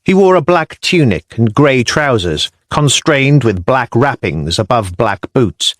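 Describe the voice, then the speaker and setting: Man narrating an audiobook, animated pitch. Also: no room sound, studio quality. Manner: measured, descriptive storytelling. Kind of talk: scripted narration.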